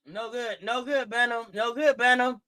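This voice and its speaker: High-voiced hyped woman streamer. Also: steady tone, normal speed. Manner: hyped, slangy, shouts at players. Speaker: sports stream host. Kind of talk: live game watch-along commentary.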